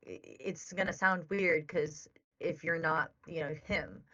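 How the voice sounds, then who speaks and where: A woman's voice: low-pitched, fairly even intonation, measured pace, sharp tone, highs cut off. A woman co-hosting a podcast, chatting casually and giving advice with lots of "like"s. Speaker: podcast co-host.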